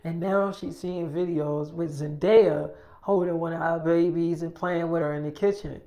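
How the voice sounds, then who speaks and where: A woman's voice: lowish voice, fairly even intonation, moderate pace, warm tone. A woman spinning an improvised first-person story in a casual, profane way, acting out the dialogue as she goes.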